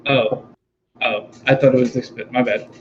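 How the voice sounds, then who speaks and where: A man's voice: mid-range voice, fairly even intonation, moderate pace, dull audio, slight background noise. A man playing a tabletop game, casual, playful and dry. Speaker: player.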